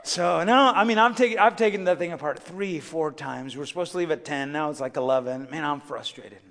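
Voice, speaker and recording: A middle-aged man preaching a sermon as a chatty, animated story with many asides to the congregation. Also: a little high, brisk. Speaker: pastor. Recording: long hall reverb.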